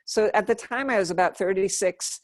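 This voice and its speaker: Woman in her fifties, lively storyteller, dry close sound, acts out voices. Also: mid-range voice, brisk, no room sound. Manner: animated storyteller, acts out quoted dialogue. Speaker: interview guest, Buddhist nun. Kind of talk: storytelling in a relaxed interview.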